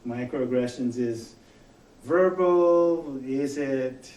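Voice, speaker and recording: A man's voice: medium pitch, drawn-out words, a little mellow. Lecturing man, echoey distant classroom sound. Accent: General American. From Los Angeles area, US. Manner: conversational, with many "you know" fillers and quoted dialogue. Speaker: college instructor. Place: lecture room.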